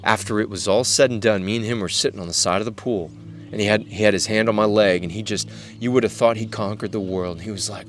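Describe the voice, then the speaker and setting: A young man hosting a devotional podcast, talking earnestly and repetitively to other men, dropping softly on words of address. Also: fairly low pitch, fairly even intonation, fast talker, slight background noise. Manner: earnest, repetitive, drops to near-whisper on "guys". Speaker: Christian podcast host. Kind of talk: casual devotional talk to men.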